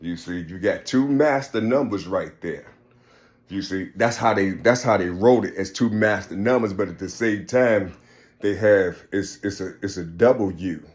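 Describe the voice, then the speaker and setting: A man's voice: deep voice, moderate pace. A man giving a rambling spiritual monologue, repeating himself often. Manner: rambling, repeats "you see" constantly.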